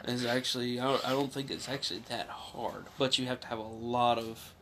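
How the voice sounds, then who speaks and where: A man with a bright, forceful voice explains things patiently in casual chat, stumbling through fillers and restarts. Faint noise sits behind him. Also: mid-range voice, fairly even intonation, fairly quick.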